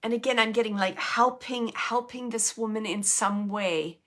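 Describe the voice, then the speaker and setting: A woman medium gives a live reading in a bright, tense, fairly high voice. She talks haltingly, hunting for words through plenty of fillers, and now and then sinks into a hushed whisper. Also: steady tone. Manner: drops to a hushed whisper at times. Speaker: psychic medium.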